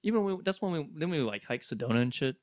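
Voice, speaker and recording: A man's voice: on the high side, expressive, very fast, darkish tone, dry recording, studio quality. A man co-hosting a podcast, trading casual, profane jokes with his friend. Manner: joking, profane banter. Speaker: podcast co-host. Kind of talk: casual chat.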